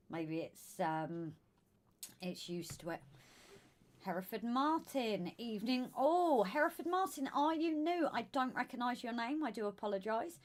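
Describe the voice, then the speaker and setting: A woman with a Southern English accent co-hosting a casual live stream, greeting viewers by name and calling them darling. Her voice is going hoarse. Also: fairly high pitch, a little hiss or hum. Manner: chatty, calls viewers darling and sweetheart. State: losing her voice. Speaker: live stream co-host reading chat.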